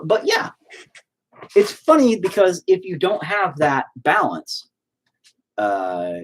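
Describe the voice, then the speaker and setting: Husky man ranting with lively pitch. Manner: profane, animated, rambling. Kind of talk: casual ranting chat.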